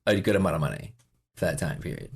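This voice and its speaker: A podcast guest in his forties rambles through a casual interview chat, full of fillers and restarts. His voice rumbles low and comes out animated, fast, creaky, and husky.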